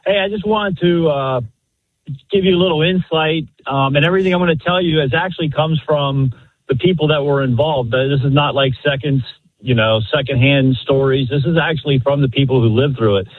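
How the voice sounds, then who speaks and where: A man's voice: on the high side, fairly quick, breathy edge, dry recording. A man calling in to a talk radio show, telling a family story in a rambling, earnest way with many fillers. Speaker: caller. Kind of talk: phone-in storytelling. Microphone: telephone. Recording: tinny phone line.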